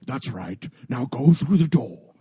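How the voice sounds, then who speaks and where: A man putting on a sinister male video game narrator who taunts the player in a low menacing drawl. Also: animated, unhurried, dark tone, husky. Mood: taunting. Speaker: podcast co-host.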